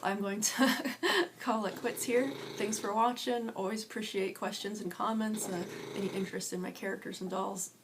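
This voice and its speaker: A woman casually talking about her doll characters, hesitant with many pauses and restarts. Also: medium pitch, steady tone. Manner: hesitant, many ums and restarts, soft laughs. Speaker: doll collector vlogger. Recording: audible background noise.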